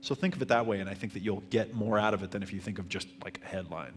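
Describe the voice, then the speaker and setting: A man teaching marketing at a live seminar, answering audience questions in a fairly even, self-described monotone manner. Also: on the low side, very fast, a little hiss or hum. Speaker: marketing instructor.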